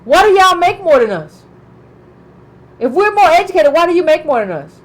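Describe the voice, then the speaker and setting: Emphatic woman, animated high voice. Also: moderate pace, low-quality recording. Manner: emphatic, repeats herself, asks pointed questions. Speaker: political commentator. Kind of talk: political commentary.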